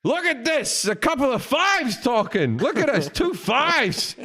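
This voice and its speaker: Guy doing a gushy old movie star voice, way up high, pushy and loud. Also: very animated, a little slow, exaggerated voice. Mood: teasing. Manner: loud, effusive, insistent. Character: gushing older male movie star. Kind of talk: comedic impression in a story.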